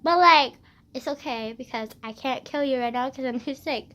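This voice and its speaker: High-voiced teen girl ranting while sick. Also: steady tone, brisk. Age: teens. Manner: swearing, dramatic retelling. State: congested with phlegm. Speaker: vlogger. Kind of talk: casual rant.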